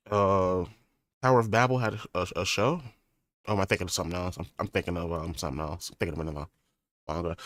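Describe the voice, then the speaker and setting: A young man reading a manga chapter aloud in a flat mutter. He breaks off with slangy, profane asides as he reacts. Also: lowish voice, no echo. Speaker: manga reaction channel host.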